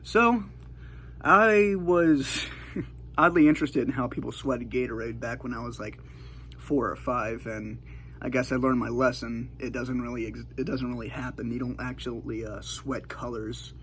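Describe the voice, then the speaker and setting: A man's voice: mid-range voice, flat delivery, normal speed, a little hiss or hum. A man casually telling a childhood story in a rambling way, with many fillers and restarts.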